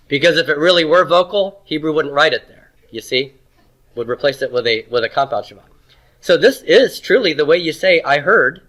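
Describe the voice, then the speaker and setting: A man teaching a Hebrew grammar lesson, asking questions and answering them himself, and sounding out words slowly. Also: on the high side, pushed and bright. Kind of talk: classroom lecture.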